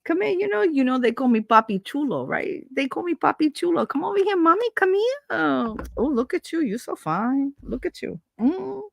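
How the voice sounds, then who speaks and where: A woman voicing a brash, smug male street catcaller who croons drawn-out sweet talk. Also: high-pitched, very animated, vocal fry, no echo, studio quality, pitched above the performer's own voice, heavily acted. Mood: smug flirting.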